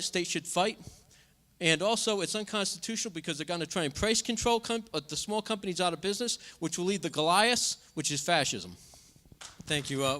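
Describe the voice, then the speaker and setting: A man giving an impassioned campaign speech at a forum, repeating points and stressing key words. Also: sharp tone. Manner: impassioned, repetitive, drops pitch on asides. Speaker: congressional candidate. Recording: reverberant hall.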